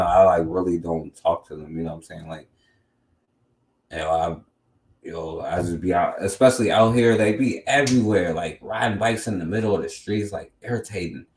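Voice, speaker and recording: Deep-voiced man hosting in an echoey room. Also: a little mellow. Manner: loose and rambling, lots of filler tags. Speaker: podcast host. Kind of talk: casual commentary.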